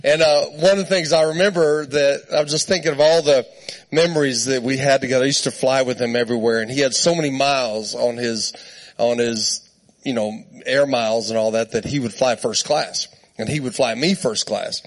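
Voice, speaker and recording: A man preaching in church, telling a funny story with lots of laughter and animated quoted voices. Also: medium pitch, a little fast. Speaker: guest preacher. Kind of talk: storytelling sermon.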